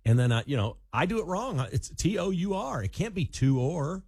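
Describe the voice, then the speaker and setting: A man's voice: high voice, big pitch swings, brisk, darkish tone, husky, no room sound, studio quality. A Midwestern American man from Kansas co-hosting talk radio, rambling and self-deprecating. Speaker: radio co-host. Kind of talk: casual radio banter.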